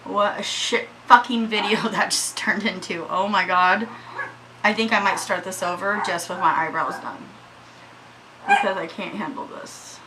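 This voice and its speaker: A woman's voice: medium pitch, measured pace, background noise. A woman chatting casually through a makeup tutorial at home, shaky and anxious, swearing freely. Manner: chatty, swears freely, yells at her dogs. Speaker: beauty vlogger.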